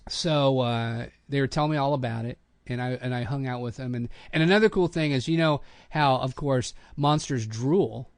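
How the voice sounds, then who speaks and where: This middle-aged man, a voice actor and podcast host, relays a lengthy story from show business, loose and lively, voicing each quote. His voice leans high, and the recording is dry.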